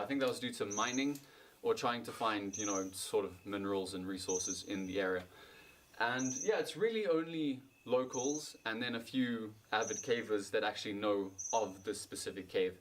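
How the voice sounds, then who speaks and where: A man's voice: mid-range voice, a bit bright, close to an everyday voice, low-quality recording. An earnest young caver, played by an actor, talks to his camera outdoors at night in a mid-range voice. He rambles and restarts, padding lines with fillers, with a faint hiss of ambience behind him. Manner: hesitant, filler-heavy, earnest. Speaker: caver filming a video diary. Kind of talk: casual vlog talk to camera.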